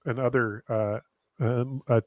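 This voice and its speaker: A man's voice: mid-range voice, fairly even intonation, a little slow, dry recording, highs cut off. A man chatting casually about a film, often stalling on fillers as he hunts for words. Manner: hesitant, many fillers. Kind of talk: casual movie-watch commentary.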